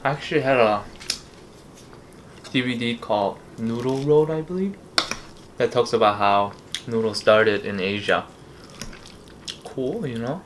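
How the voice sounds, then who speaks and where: A man's voice: medium pitch, unhurried, long pauses. Guy doing a mukbang, chill rambly talk between bites, a bit of faint hiss behind him. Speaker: mukbang host. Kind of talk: casual eating-show chat.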